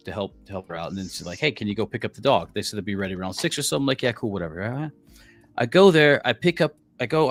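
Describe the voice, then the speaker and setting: A man's voice: medium pitch, a bit bright. A middle-aged man, a podcast co-host, telling a story as a heated, profane rant and acting out quotes.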